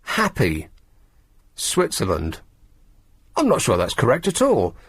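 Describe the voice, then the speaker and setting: A man holds forth on talk radio with a sardonic, grumbling wit. His pitch swoops lively up and down as he mocks his subject. The studio sound is dry and close. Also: slow, husky, no room sound. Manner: sardonic, grumbling, mocking asides. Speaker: radio show host. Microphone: studio microphone.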